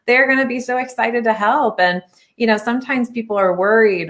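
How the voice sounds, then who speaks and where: A woman's voice: a little high, fairly quick, a bit bright. A woman hosting a podcast about spirituality, talking in an enthusiastic and reassuring way in casual interview chat. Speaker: podcast host and spiritual medium.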